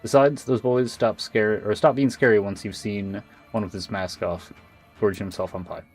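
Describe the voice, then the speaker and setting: A man reading aloud the lines of a weary middle-aged woman who runs a diner, in a plain, flat manner. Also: lowish voice, normal speed, faint music behind. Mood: matter-of-fact.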